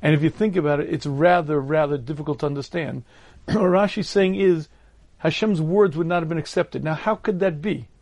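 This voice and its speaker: A man giving a Torah lecture in a measured, explanatory way, often stopping to clear his throat. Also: on the high side, a little mellow, dry recording.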